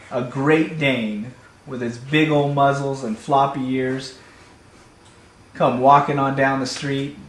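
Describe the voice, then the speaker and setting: A man telling a comic personal story in an animated, playful way, recorded in an echoey room. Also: medium pitch. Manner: animated, playful, builds to shouts. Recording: echoey room, faint hum.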